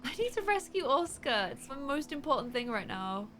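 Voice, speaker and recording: A young woman streamer giving animated, chatty let's play commentary. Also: high-pitched, moderate pace. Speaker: gaming streamer. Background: faint game music.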